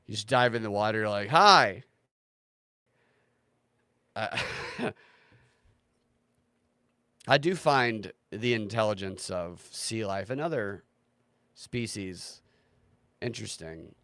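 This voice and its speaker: A man's voice: on the low side, unhurried, fairly bright tone, dry recording. Sarcastic ranting male livestream host. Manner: sarcastic, ranting, swears freely. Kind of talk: casual livestream commentary.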